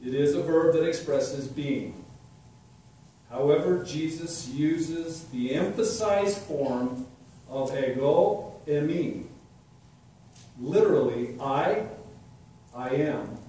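A man preaches in a slow, measured way, laying out scripture with weighty emphasis. His voice is dark and mellow, a little raised in pitch. It carries from a distance through a strongly echoing church, with faint ambience behind. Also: a little hiss or hum. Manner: slow, deliberate scripture exposition with emphatic declarations. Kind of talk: sermon. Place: church sanctuary. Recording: echoey hall, distant mic, faint ambience.

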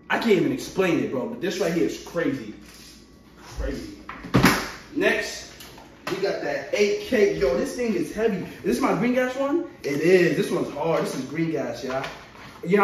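A young man doing a casual show-and-tell vlog, excitable and slangy with frequent exclamations. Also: fairly high pitch. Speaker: vlogger showing his collection. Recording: very echoey, far from the mic, faint noise.

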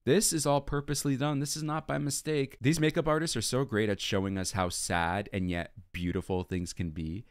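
A man's voice: medium pitch, moderate pace, hardly any pauses, no room sound, studio quality. A man hosting a music video reaction, talking casually and gushing about what he sees and hears. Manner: animated, gushing, hums along to the melody.

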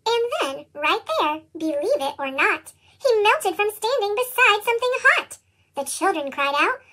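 A storyteller reading a rhyming children's picture book aloud in a sing-song way, through a sped-up chipmunk pitch effect. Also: animated, moderate pace, sharp tone. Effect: chipmunk-style sped-up pitch shift. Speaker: storybook reader.

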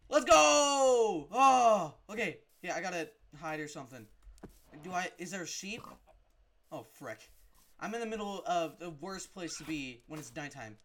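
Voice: medium pitch, fairly bright tone, a little hiss or hum. A gamer giving jumpy, unscripted let's-play commentary while talking to the game.

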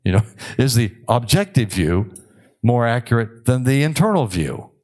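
An older man, a psychiatrist giving a conference lecture in a conversational, wry way, with many filler pauses. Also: mid-range voice, sing-song, a little mellow.

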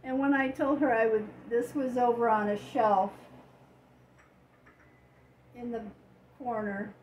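A woman's voice: on the high side, steady tone, takes it slowly, a little mellow, a little hiss or hum, low-quality recording. An older woman casually chatting at home as a vlogger, telling stories and laughing often. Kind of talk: casual chat.

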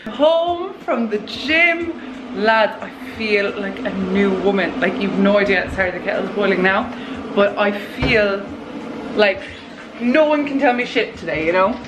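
A woman's voice: medium pitch, normal speed, background noise. A young Irish woman in her twenties, rambling chattily to her phone camera in a casual vlog. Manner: chatty, rambling, says "lads" and "like" a lot. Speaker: vlogger. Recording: faint music underneath.

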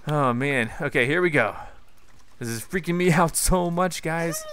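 A young man giving excitable live commentary on a video game, talking to his viewers with jumpy exclamations. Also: on the high side, a little slow, noisy background. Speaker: gaming YouTuber.

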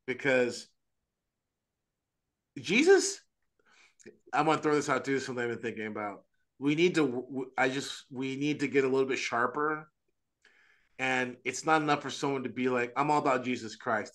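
A man speaking as an Orthodox priest on a podcast, earnest and animated, with frequent restarts and quick asides. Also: mid-range voice. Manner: earnest, animated, acts out quoted voices. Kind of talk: casual religious discussion.

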